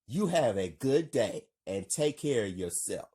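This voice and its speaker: A man reading the lines of a teenage boy who is blunt and cold toward his mother, in a flat, plain voice. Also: on the low side, a little slow, husky, full character voice.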